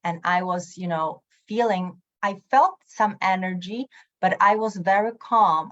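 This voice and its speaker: A woman casually telling a personal story on a video call, talking quickly and acting out the voices of the people she quotes. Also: on the low side, dull audio. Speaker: live Q and A participant.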